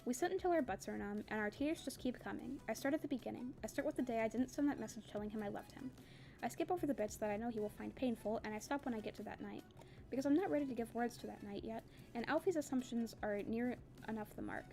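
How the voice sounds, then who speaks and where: A woman reading a novel aloud in a soft, quiet, subdued way. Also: on the high side, fast talker, vocal fry. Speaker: audiobook reader.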